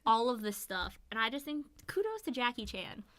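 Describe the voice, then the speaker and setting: Giggly young woman with a high voice. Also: big pitch swings, normal speed, fairly bright tone, no echo. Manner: giggly, rambling, jokey. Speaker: podcast co-host. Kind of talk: casual chat.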